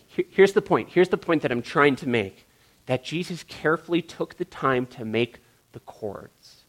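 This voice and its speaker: A man's voice: on the high side, animated, normal speed. A male pastor and parent giving a sermon in a joking, conversational way, often calling his listeners guys.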